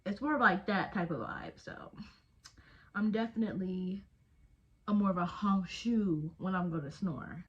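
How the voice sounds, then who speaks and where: A woman's voice: mid-range voice, animated, normal speed, breathy edge, dull audio. A woman, chatting casually and jokingly at home while doing her makeup. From Texas. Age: 20s. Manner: chatty, slangy, jokey, with trailing fillers. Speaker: beauty vlogger. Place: home, indoors.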